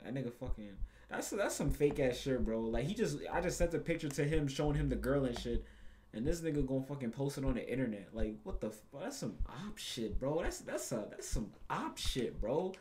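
A man hosting his gaming channel, giving casual gameplay commentary full of loud, profane, excitable reactions. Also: mid-range voice, a little fast.

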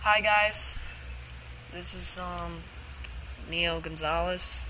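A woman filming an excited, rambling weather vlog outdoors in a storm, stumbling over words with lots of fillers. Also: lowish voice, extremely slow, noisy background. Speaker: amateur weather vlogger.

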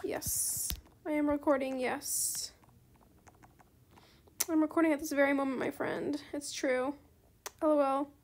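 A woman hosting her gaming channel, chatting casually through gameplay commentary and bursting into excited squeals. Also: high-pitched, unhurried, pauses often.

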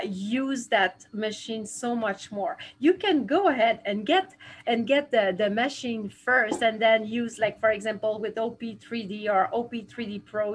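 A woman with a French accent teaches dentists in a live webinar. She talks from her office in a halting way and fills her pauses with "uh". Her voice comes through a video call. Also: on the high side, a bit bright, rough recording. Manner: halting, many fillers and restarts. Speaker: dental educator. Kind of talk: webinar lecture with Q&A. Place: dental office.

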